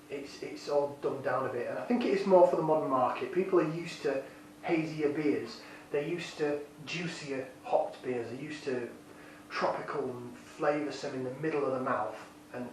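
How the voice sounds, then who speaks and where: A man casually reviewing a beer, enthusiastic and rambling, deliberately keeping his voice down, recorded on a camera's built-in microphone. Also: a little high. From United Kingdom. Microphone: built-in camera mic. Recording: very echoey room, distant mic, faint noise.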